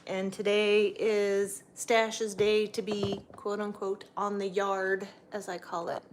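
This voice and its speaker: A middle-aged woman speaks slowly, with little pitch movement, as she chats casually on a livestream from her home, faint background noise audible. Her pets get a high, sing-song voice.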